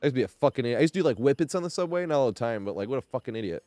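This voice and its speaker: Young male streamer, casual rambling storyteller with a clean, clear voice recorded dry and close. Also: medium pitch, expressive, racing, a little mellow, no echo. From New York area. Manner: rambling storytelling with frequent laughs and swearing. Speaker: game streamer. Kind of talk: casual chat while streaming.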